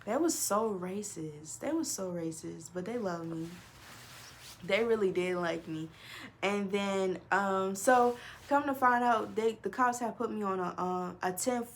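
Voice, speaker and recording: A young adult woman telling a storytime on her vlog, animated and profane, swinging between loud outbursts and low mutters. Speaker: vlogger. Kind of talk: casual storytime.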